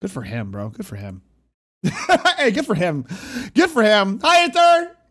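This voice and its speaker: A young man streaming live, excitedly reacting to a video and chatting with viewers. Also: high voice, a little slow, slightly rough. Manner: excitable, talks to chat, frequent loud laughs.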